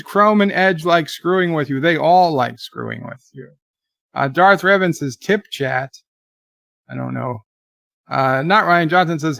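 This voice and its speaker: A man hosting a casual livestream, reading viewer comments aloud and chatting in a slow, relaxed way. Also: a little high, creaky, dry recording, studio quality. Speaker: livestream host.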